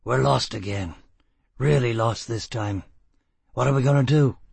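A man voicing a tough, blunt, determined man who talks in gruff, clipped bursts. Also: medium pitch, a little slow, darkish tone, dry recording, exaggerated voice. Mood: disgusted. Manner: gruff, clipped and rough-spoken.

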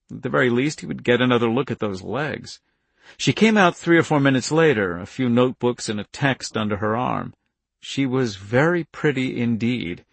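A man reading a novel aloud in steady scripted narration, in a dry studio recording. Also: medium pitch, creaky, breathy edge, no room sound. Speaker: audiobook narrator.

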